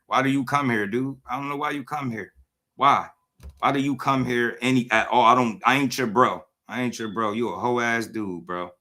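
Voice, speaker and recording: Bright-voiced man ranting on a livestream. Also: fairly low pitch. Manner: heated, blunt, slangy, repeats himself. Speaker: boxing channel host. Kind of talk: livestream commentary rant.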